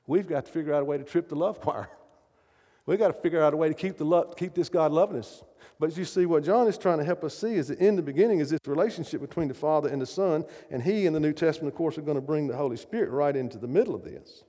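A middle-aged man preaching with emphasis, throwing questions out to his listeners. His voice sits a little high yet sounds warm and mellow. Long reverb trails after him through a large hall. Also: fast talker. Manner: emphatic, asks the audience questions. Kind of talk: sermon.

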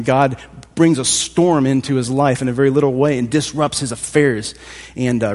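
Husky man preaching in a hall. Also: medium pitch, a little mellow. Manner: thoughtful, conversational preaching with restarts. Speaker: pastor. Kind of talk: sermon. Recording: long hall reverb.

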